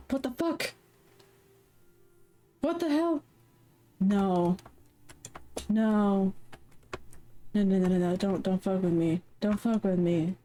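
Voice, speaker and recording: A woman with a warm, medium-pitched, animated voice streams casually, speaking slowly with frequent pauses. She swears a lot, sounds flustered and confused, and sings along to the background music between remarks.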